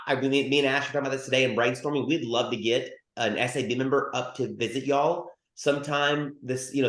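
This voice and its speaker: A man's voice: medium pitch, reverberant. A man leading a team call, giving an upbeat, rambling motivational talk full of restarts. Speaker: team leader on a sales call.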